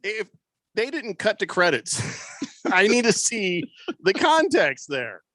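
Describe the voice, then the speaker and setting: A man's voice: sits high, wildly swooping pitch, slow, bright, forceful tone, no room sound. A man hosting a sports radio show in casual chat, rambling loosely with plenty of fillers and restarts. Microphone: studio microphone.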